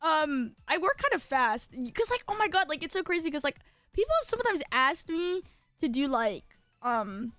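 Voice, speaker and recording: Bubbly high-voiced young woman streamer. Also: fairly bright tone, dry recording. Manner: bubbly, lots of filler words, jumps between topics. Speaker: VTuber streamer. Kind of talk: casual live-stream chat.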